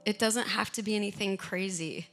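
A woman worship singer speaking casually onstage, halting with fillers. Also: medium pitch, a bit bright, faint music behind.

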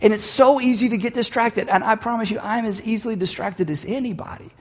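Man preaching, high-pitched, reverberant hall, storytelling, emphatic repeated lines. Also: brisk. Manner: storytelling, building to emphatic calls for the audience to repeat. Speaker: pastor. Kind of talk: sermon.

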